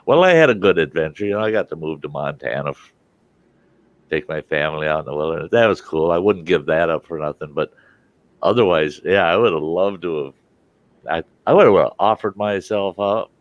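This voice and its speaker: An older man chats and tells rambling stories, breaking into laughter often. His voice sits low. The sound is dry and a bit muffled. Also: expressive, fairly quick, no room sound. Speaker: host. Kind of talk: casual chat.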